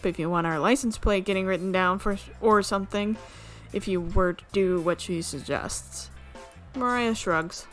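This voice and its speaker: A woman streamer reading a visual novel aloud, amused and quick to laugh. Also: mid-range voice, faint music behind. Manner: amused, reads with frequent laughs.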